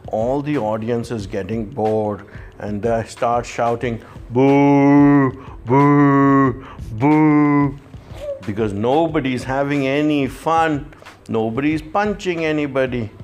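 A man's voice: mid-range voice, unhurried. A man telling a playful children's story in the manner of a boxing commentator.

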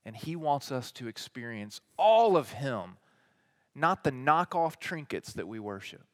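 A man preaching a sermon as teaching pastor, building to emphatic peaks and then dropping soft, with repeated rhetorical lists. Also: mid-range voice, big pitch swings, unhurried.

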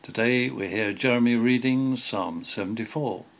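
A man presenting a radio programme, introducing items in a measured, plain way. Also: mid-range voice, a bit bright. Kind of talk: radio link announcements.

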